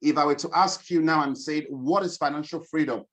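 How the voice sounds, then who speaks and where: A man's voice: a little high, brisk, fairly bright tone. A man, a financial coach hosting an online webinar over a video call, chatty and upbeat, greeting attendees by name.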